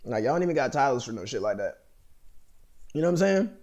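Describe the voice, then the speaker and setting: A man's voice: mid-range voice, sing-song, fast talker, a little mellow, lo-fi sound. An American man vlogging in a rambling, profane monologue, full of fillers and restarts. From United States.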